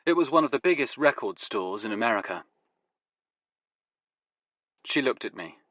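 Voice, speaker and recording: Man narrating a novel, deadpan wry delivery, animated pitch, dry close sound. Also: moderate pace, dry recording. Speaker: audiobook narrator. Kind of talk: first-person scripted narration.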